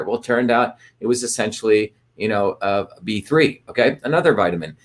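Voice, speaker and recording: A man's voice: mid-range voice, fairly quick. Man hosting a rambling livestream. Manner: rambling, greets viewers by place, frequent fillers and restarts. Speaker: livestream host. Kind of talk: casual livestream talk.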